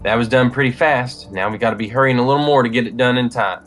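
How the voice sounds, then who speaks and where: A man doing a brisk village official. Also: mid-range voice, soft background music, voice pushed up, close to an everyday voice. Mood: businesslike. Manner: brisk, formal, gently firm.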